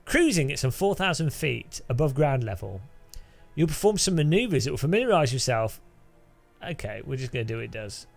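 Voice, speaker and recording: A man's voice: mid-range voice, big pitch swings, brisk, gravelly, soft background music. A man talks to his live-stream chat while playing a game. He rambles, restarts sentences often, and laughs a lot. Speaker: gaming streamer.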